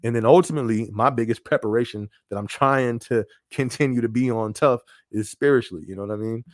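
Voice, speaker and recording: Quick and mid-range, this podcast host's voice comes through with studio quality and no room sound. He keeps his live stream loose and conversational, repeating phrases and often asking "you know what I mean."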